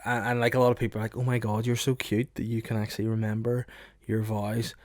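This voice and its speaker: A man's voice: fairly low pitch, level tone, fast, no echo, clean studio sound. A young man hosting a podcast, teasing and joking in casual banter. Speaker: podcast host. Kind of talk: casual comedic chat.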